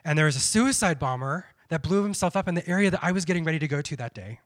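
A man's voice: fairly high pitch, lively intonation, fast talker. A young man giving a personal testimony as a missionary, telling his story with quoted self-talk and many restarts. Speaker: missionary speaker.

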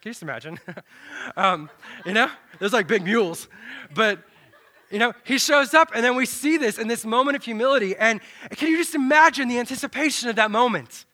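High bright-voiced animated preacher man. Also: a little fast. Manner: animated, dramatic, often drops to a low hush then swells loud. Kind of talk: sermon.

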